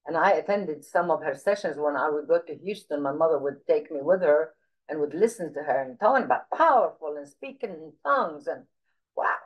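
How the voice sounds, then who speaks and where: A woman's voice: sits low, expressive, a little fast, rough recording. A middle-aged woman teaching a women's Bible group, telling a personal testimony in an earnest storytelling way and acting out the people she quotes. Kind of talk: testimony sermon.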